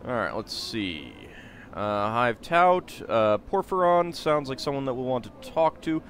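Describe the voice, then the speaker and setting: A man's voice: mid-range voice, big pitch swings, a bit bright, slight background noise. Rambling man doing game commentary. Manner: rambling, halting, full of restarts. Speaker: game streamer. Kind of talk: casual let's play commentary.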